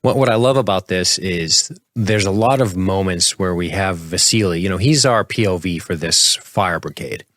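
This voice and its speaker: A man co-hosting a podcast, recapping scenes in a relaxed, chatty way. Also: sits low, moderate pace, hardly any pauses, no echo, clean studio sound. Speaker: podcast co-host. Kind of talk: casual podcast chat.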